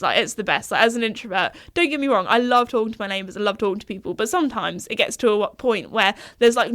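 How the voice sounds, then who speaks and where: A woman's voice: on the high side, fairly bright tone. A young woman hosting a podcast, chatting casually in a rambling way and laughing often. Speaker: podcast host. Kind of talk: casual chat.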